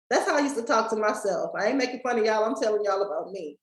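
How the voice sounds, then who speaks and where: Talking fast with few pauses, this summit speaker and coach delivers folksy motivation directly to her in-person and online audience. Her pitch is medium, and the poor recording has a roomy sound.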